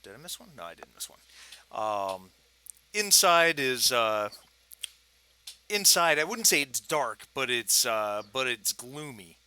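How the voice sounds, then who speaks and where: A man narrating a tabletop roleplaying game as game master, speaking in halting bursts with many fillers. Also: mid-range voice, expressive, sharp tone.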